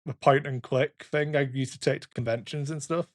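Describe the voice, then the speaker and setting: A man's voice: mid-range voice, fairly even intonation, normal speed, no room sound, studio quality. A man in his thirties co-hosting a podcast, telling rambling stories and swearing freely in casual chat. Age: 30s. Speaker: podcast co-host.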